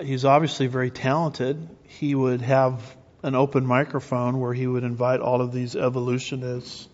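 A man's voice: medium pitch, darkish tone. A middle-aged man preaching emphatically, asking rhetorical questions and restarting his phrases. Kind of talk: sermon-style teaching. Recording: muffled recording with long reverb.

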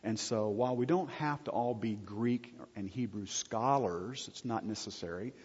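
Pastor preaching in a reverberant hall. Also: male voice, fairly low pitch, normal speed, darkish tone. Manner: conversational, jokes with the congregation; asks the audience frequent check-in questions. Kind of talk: sermon. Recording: husky voice, long hall reverb, dull lo-fi sound.

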